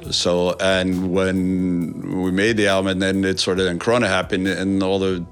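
Low-voiced swearing man from New York. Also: moderate pace, soft background music. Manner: animated, swears freely, rambles with restarts. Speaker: musician guest. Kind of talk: casual interview talk.

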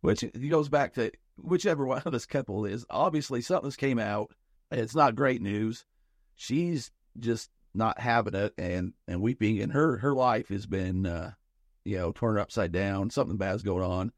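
A podcast co-host with a lowish male voice chats casually at a moderate pace, rambling and thinking aloud with plenty of restarts. The recording is studio quality with no echo.

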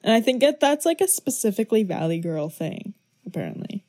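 A woman co-hosting a casual movie-review podcast, relaxed and hesitant, trailing off with ums. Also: on the high side, fairly quick, no echo. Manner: laid-back, hesitant, often trailing off with ums. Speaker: podcast co-host.

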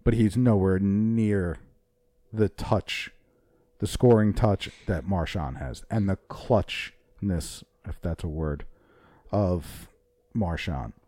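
A man's voice: low-pitched, slow, warm tone, no echo, studio quality. A man co-hosting a casual sports talk podcast, blunt and opinionated, swearing freely. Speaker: podcast co-host. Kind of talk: casual hockey chat.

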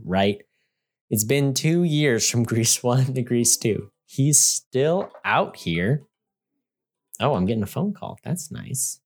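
A man co-hosting a podcast, reviewing a film in an animated, sarcastic rant that keeps asking his listener "all right?". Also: medium pitch. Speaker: podcast co-host. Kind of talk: casual movie review rant.

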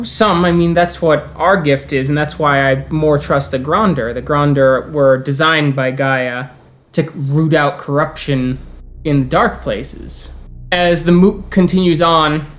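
A man narrating as storyteller of a tabletop role-playing game, voicing its characters in turn with halting restarts. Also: fairly high pitch, steady tone, a bit bright. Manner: plays many characters in quick turns, with halting restarts.

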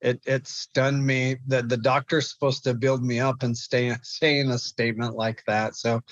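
A young man, a therapist, telling a painful personal story in an interview, halting and repeating words as he goes. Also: medium pitch, level tone, dry recording, muffled recording. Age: young adult. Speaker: guest, clinical therapist.

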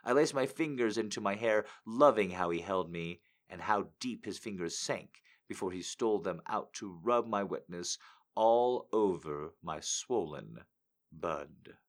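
A man hosting a live show, reading romance excerpts aloud in a deliberate, sensual manner that dips toward a near-whisper. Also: on the low side. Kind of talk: dramatic reading on a live stream.

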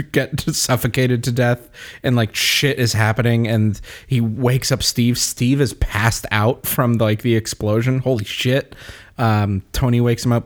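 A man co-hosting a casual movie recap podcast, excitable and laughing often as he talks in quick bursts. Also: medium pitch. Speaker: podcast co-host.

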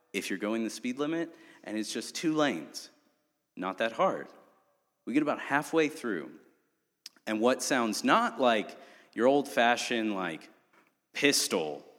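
A young man telling a humorous, animated story in a sermon. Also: mid-range voice. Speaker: preacher. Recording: long hall reverb.

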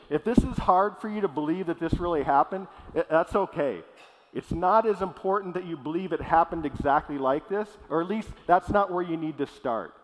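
A man preaching in a relaxed, chatty manner, his voice sitting a little higher than most men's. His words ring out with a long reverb trailing behind them in a large hall. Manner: casual, conversational preaching. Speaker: pastor. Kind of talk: sermon. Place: church hall.

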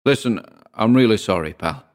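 A man's voice: fairly low pitch, expressive, normal speed, natural voice. A man voicing a friendly, casual damp-proof workman in an audio horror story. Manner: matey, casual.

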